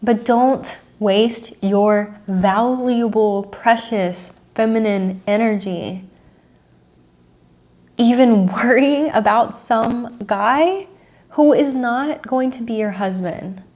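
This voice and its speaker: A woman's voice: fairly high pitch, slow pace, darkish tone. A woman in her thirties, a dating coach, talking earnestly and emotionally to camera, repeating herself and sighing.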